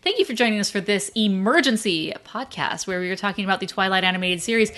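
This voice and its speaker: A woman co-hosting a podcast, wrapping up the show in a friendly, brisk way. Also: medium pitch, animated, a bit bright. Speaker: podcast co-host. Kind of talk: podcast sign-off.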